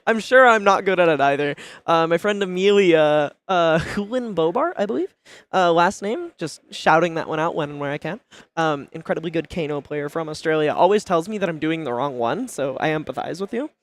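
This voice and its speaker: A man's voice: a little high, animated, brisk, a bit bright. A man commentating a card game tournament, chatty and anecdotal, full of little fillers.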